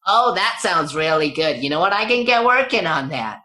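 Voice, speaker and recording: A woman's voice: fairly low pitch, very animated, moderate pace, sharp tone. A woman voicing a cheery, tired young male village craftsman who talks eagerly. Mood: chirpy.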